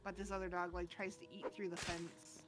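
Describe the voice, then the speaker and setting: A woman's voice: fairly low pitch, level tone, fairly quick. A woman chatting casually on a live stream, telling an exasperated story with lots of fillers. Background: background music.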